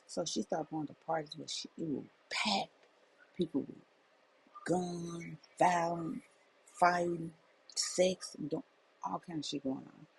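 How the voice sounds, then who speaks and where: A middle-aged woman shares a personal testimony as a faith message, her voice gravelly with a husky, fried edge. She tells it emphatically and circles back on her words, with a faint hiss of ambience underneath. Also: on the low side, slow, pauses often, rough recording. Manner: emphatic, repetitive storytelling. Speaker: life coach.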